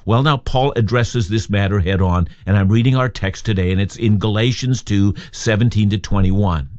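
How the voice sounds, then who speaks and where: A man's voice: fairly low pitch, normal speed, few pauses, no room sound, dull audio. A man preaching a radio sermon, earnest and emphatic, reading scripture and posing rhetorical questions. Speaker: radio Bible teacher.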